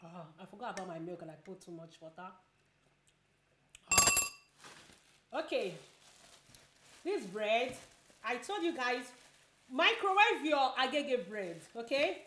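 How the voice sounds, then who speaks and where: A woman's voice: on the high side, lively intonation, unhurried, pauses often, background noise. Chatty woman vlogger in an echoey room. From Nigeria. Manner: chatty, repeats words for emphasis, eats between phrases. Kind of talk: casual mukbang vlog chat.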